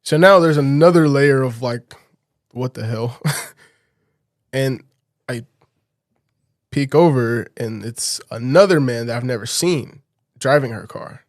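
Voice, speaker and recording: A man telling a personal story in a casual podcast chat. He talks in an animated way and laughs often. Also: mid-range voice, measured pace, pauses often, dry recording, studio quality. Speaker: podcast guest.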